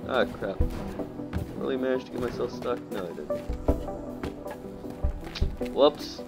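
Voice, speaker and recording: Man, let's play commentary, wry self-talk, mid-pitched voice, game music behind. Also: slow, creaky, long pauses, rough recording. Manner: wry, joking running commentary to himself. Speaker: gaming video creator.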